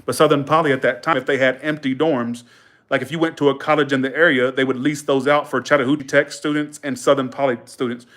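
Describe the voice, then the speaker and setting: A man's voice: medium pitch, steady tone, fast, fairly bright tone. A man hosting a livestream in rambling, slangy casual chat, laughing often. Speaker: livestream host.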